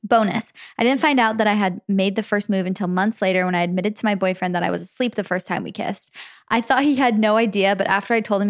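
A woman's voice: mid-range voice, dry recording, clean studio sound. A young woman co-hosting a casual podcast, reading a listener's letter and telling stories with frequent laughs. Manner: chatty, laughs often, animated storytelling. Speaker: podcast co-host.

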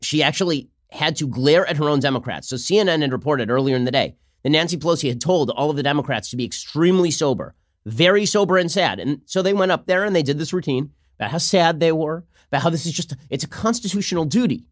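Sarcastic guy hosting a political talk show, kinda high voice, dry studio sound. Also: animated, no room sound. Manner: sarcastic, fast-talking, mocking. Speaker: host. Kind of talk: political commentary.

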